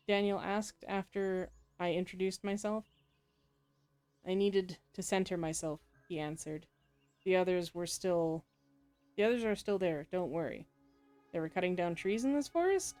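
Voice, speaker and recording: A woman with a fairly low voice reads a story game's text aloud, stopping now and then for casual remarks of her own. She laughs often and corrects her own slips as she goes. Faint game music plays in the background. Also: moderate pace, pauses often, darkish tone. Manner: frequent laughs and self-corrections while reading. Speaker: game player.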